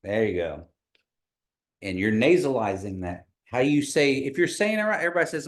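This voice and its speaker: A man teaching an online language class over a video call, patiently repeating words slowly for learners. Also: mid-range voice, very animated.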